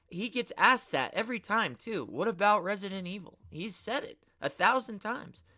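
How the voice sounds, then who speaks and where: Recorded cleanly with studio sound and no room echo, this young male host of a toy collecting live stream has a high-pitched, bright, forceful voice. His talk is slangy and rambling, and he gets exasperated responding to chat.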